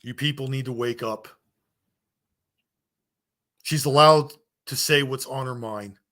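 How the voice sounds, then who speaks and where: A man's voice: medium pitch, slow pace, pushed and bright. A man delivering a heated, blunt rant to his viewers, swearing and scolding them as a wrestling vlogger. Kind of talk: angry rant to camera.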